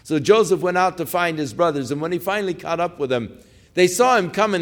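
A man's voice: high-pitched, brisk, a bit bright. A male preacher retelling a story in a sermon, conversational and emphatic.

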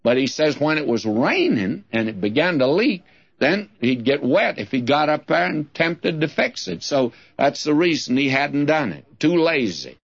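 An older man teaches from the Bible, reading verses aloud slowly and deliberately, then explaining them in plain terms. His voice is fairly high, gravelly and husky, with big swings in pitch. The sermon recording is dull and lo-fi.

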